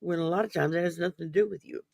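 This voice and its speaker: A man with a fairly high, gravelly voice talks through a topic in a loose, rambling way, full of ums and restarts, and sounds sleepy. The recording is close and dry. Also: fairly even intonation, racing, a little mellow, no echo. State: sleepy, yawning. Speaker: podcast host. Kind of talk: casual mental wellness discussion.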